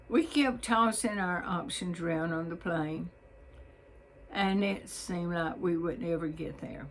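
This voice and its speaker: A woman from Mississippi with a Southern accent telling a personal story in a slow, deliberate drawl. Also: mid-range voice, a little hiss or hum, low-quality recording.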